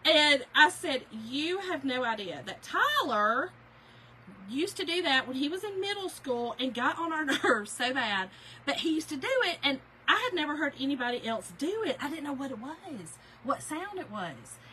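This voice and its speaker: A woman's voice: sits high, sing-song, moderate pace, bright, forceful tone, a little hiss or hum, poor audio. A middle-aged woman, chatting casually on a craft live stream, telling stories, laughing often and greeting viewers by name.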